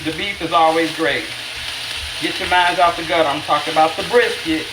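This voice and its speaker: A woman's voice: sits low, steady tone, brisk, background noise. Chatty woman chef over a sizzling skillet. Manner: chatty, talks to viewers by name, self-teasing. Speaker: chef hosting a home cooking stream. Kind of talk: live-streamed cooking demo, casual chat. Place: home kitchen, indoors. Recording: echoey kitchen with loud sizzling.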